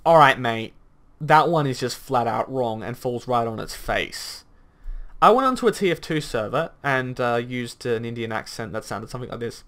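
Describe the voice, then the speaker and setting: A man's voice: medium pitch, expressive, moderate pace, pushed and bright. A man hosting a gaming commentary video, arguing bluntly, swearing at times, and rambling through lots of fillers. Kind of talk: reaction commentary rant.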